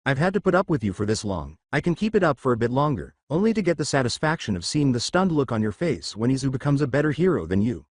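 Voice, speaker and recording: A man's voice: medium pitch, very animated, quick pace, few pauses, dry recording, clean studio sound. A man reading a coolly menacing teen boy. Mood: mocking. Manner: level, impartial tone.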